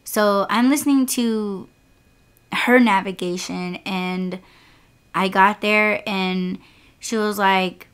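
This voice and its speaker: A woman's voice: medium pitch, fairly even intonation, slow, a bit bright, clear, resonant tone. A young woman hosting a podcast, casually telling a frustrating rideshare story in a candid, exasperated way, swearing freely. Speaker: podcast host and rideshare driver.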